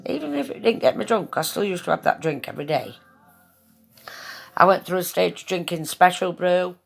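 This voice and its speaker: A vlogger chats into her phone in a casual storytelling monologue, bluntly recounting events with lots of slang and swearing. Her voice is on the low side and creaky, at a moderate pace, with soft music in the background.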